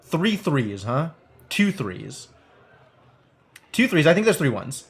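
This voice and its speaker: A man streams a text game, reading its passages aloud and thinking through his moves in a wry, playful way. His slightly high voice bounces up and down a lot. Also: sing-song, slow pace.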